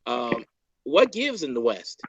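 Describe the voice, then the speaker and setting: A man's voice: mid-range voice, sing-song, slow, fairly bright tone, dull audio, a little hiss or hum. A man hosting a casual sports podcast, asking long questions with many fillers and restarts. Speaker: podcast host.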